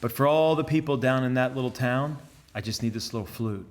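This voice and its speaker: A man's voice: medium pitch, fairly quick, lightly acted. A man voicing a small boastful male demon in a retold saint's story, speaking in a smug, matter-of-fact way.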